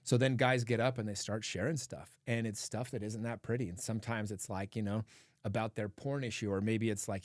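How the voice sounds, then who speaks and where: A man with a lowish voice talks earnestly as a podcast guest, telling stories about coaching men and often saying "like" as a filler. His voice sounds dry and close, with no room echo. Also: steady tone, a little fast. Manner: earnest, storytelling, frequent "like" fillers. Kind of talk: casual podcast conversation.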